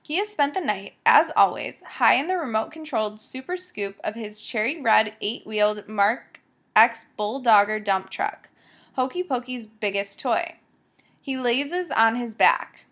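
A woman reading a children's story aloud as narrator, measured and vivid. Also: fairly high pitch, lively intonation, fairly bright tone. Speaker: audiobook narrator.

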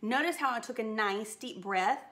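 A woman's voice: a little high, moderate pace, a bit bright. A woman voice teacher giving a singing lesson, upbeat and encouraging as she coaches a phrase.

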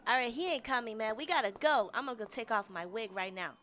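A woman's voice: a little high, expressive, fast, a bit bright, a little hiss or hum. A woman voicing a blunt, impatient, hungry woman who wears a wig.

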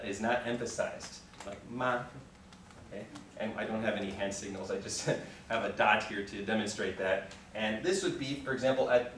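A man's voice: on the low side, a little hiss or hum. A man teaching a Mandarin class, patiently leading students through repeat-after-me drills and encouraging them often. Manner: patient, encouraging, frequent "okay" checks. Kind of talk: classroom language lesson, call and response. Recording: echoey room, recorded from far off.

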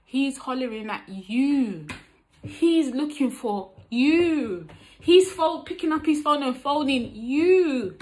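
A woman talks straight to camera about relationships in a frank, playful way. Her voice sits a little high, and she often breaks into laughter as she teases and gives advice. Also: animated, takes it slowly, darkish tone. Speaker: vlogger giving relationship advice. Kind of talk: casual advice talk to camera.

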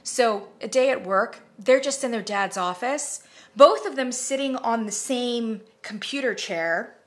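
A woman's voice: fairly high pitch, a little slow. Chatty woman reviewing candles. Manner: chatty, animated, swearing, drops into whispers and mock voices. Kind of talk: casual chat to camera.

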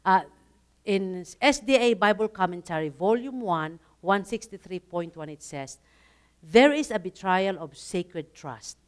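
A woman's voice: mid-range voice, expressive, measured pace. A woman leading a Bible study talk, telling personal stories earnestly and laughing now and then.

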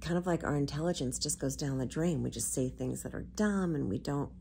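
A woman in her fifties hosts her own vlog in a low, gravelly voice. She talks in an open, chatty way, moving easily between faith talk and jokes. A faint hiss sits behind her voice. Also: a little fast, dark tone. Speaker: vlog host. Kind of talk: casual confessional chat.

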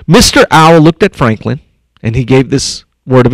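A man with a gravelly, medium-pitched voice reads at a moderate pace with no room sound. As district superintendent, he reads a picture book aloud to young children at an elementary school, animatedly stopping often to comment and think aloud.

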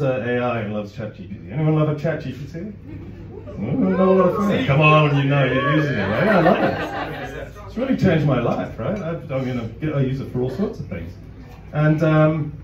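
A man performing a stand-up comedy set in a club, chatty, breaking off with apologetic asides. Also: on the high side. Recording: roomy, distant, dull audience recording. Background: audience laughter.

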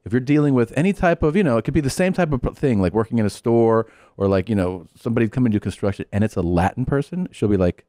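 A man's voice: medium pitch, animated, fast, few pauses, warm tone, no room sound, clean studio sound. A man hosting a podcast, chatting casually and telling stories in loose, rambling phrases. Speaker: podcast host.

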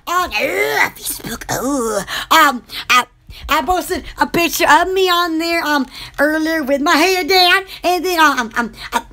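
High, bright, giggly woman. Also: expressive, a little slow. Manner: giggly, silly, blows kisses, many fillers. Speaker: small shop owner promoting her products. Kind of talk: casual live-stream chat.

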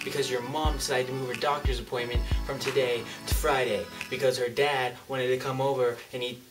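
Give me a sarcastic, animated young man ranting on a comedy vlog. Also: medium pitch, fairly quick, far from the mic. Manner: animated, sarcastic, acts out little scenes. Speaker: vlogger. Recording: slightly off-mic, clear background music.

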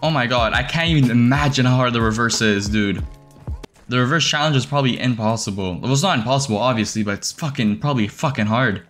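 A young man giving casual commentary over his game, excitable and swearing, breaking into shrieks when he finds something. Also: medium pitch, fast talker, faint music behind. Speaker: gaming streamer.

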